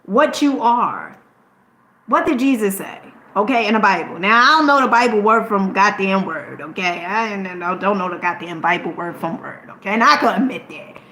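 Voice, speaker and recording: A woman content creator talks straight to her audience with an emphatic, preachy delivery, checking in with "okay?" after nearly every point and swearing now and then. Her voice sits a little high. The sound carries a noticeable room echo. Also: sharp tone. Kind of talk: motivational talk to camera.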